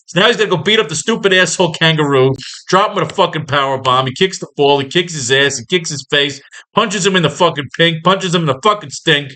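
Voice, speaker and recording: A man's voice: on the high side, fast, pushed and bright. A man teaching a comic-writing class, recapping an old story in a rambling, sarcastic and profane way.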